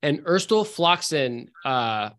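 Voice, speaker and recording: A man's voice: fairly high pitch, sing-song, takes it slowly, fairly bright tone. Man narrating a tabletop game. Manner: loose, filler-heavy narration. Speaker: game master.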